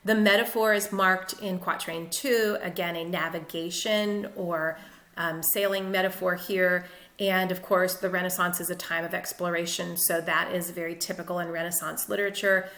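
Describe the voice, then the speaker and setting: Bright-voiced woman teaching a poem. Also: on the low side, fairly even intonation, normal speed, echoey room. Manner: clear, methodical explanation with occasional fillers. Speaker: literature teacher. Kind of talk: lecture-style poetry analysis.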